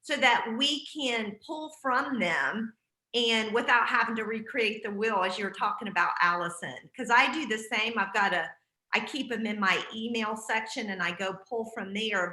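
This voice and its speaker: A woman's voice: medium pitch, moderate pace, bright, forceful tone, echoey room, poor audio. A woman leading a team video call, speaking in an encouraging, casual way with frequent fillers. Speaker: team leader hosting a group call. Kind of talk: casual group call talk.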